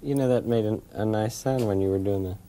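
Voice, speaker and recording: Gentle, slow-spoken male children's host. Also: fairly low pitch, noisy background. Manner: gentle, slow, hesitant, curious. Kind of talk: gentle conversation on a children's show.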